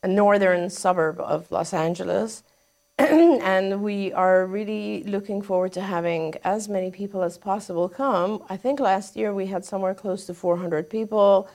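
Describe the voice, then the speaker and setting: A woman's voice: medium pitch, moderate pace, a little mellow. A woman guest expert chatting casually on a live show, agreeable and affirming.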